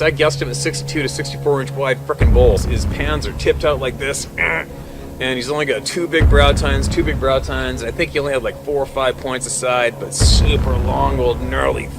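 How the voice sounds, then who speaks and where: Animated man telling a wild story. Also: mid-range voice, vocal fry, very noisy. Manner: animated, swears freely, acts out quotes, laughs mid-story. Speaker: hunting guide. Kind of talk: casual storytelling.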